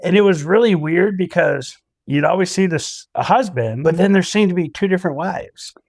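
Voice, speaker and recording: A man's voice: high-pitched, normal speed, vocal fry, a little mellow, no echo, studio quality. Man, from Michigan, podcast co-host, easygoing, casual chat. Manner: easygoing, laughs along.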